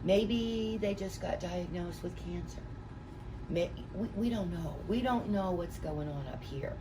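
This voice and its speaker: A woman's voice: lowish voice, measured pace. A middle-aged woman running a real estate training session, telling folksy stories to a small group. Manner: folksy, anecdotal, chatty storytelling. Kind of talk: classroom training talk. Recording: distant mic with room noise.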